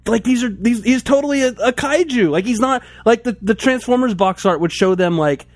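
A man's voice: extremely high pitch, a little fast, no echo, studio quality. A man in casual chat about toys, rambling with many restarts and filler words. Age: adult, toy collector since childhood.

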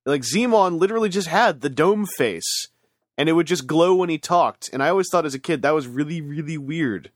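Relaxed chatty man, dry sound. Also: a little high, brisk, dry recording. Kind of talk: casual chat about toys.

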